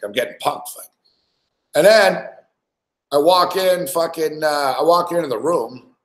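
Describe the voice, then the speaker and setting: A man rambling through a crude story, swearing constantly and stuffing his sentences with fillers. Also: on the high side. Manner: rambling, profane, lots of "like" and "fucking". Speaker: podcast host. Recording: echoey room.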